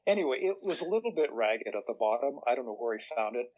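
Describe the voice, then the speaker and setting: An older man, a guest author, telling relaxed anecdotes in a chatty way and acting out the voices of people he quotes. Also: medium pitch, quick pace, few pauses, slightly rough, rough recording. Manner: chatty, acts out quoted voices, chuckles through punchlines.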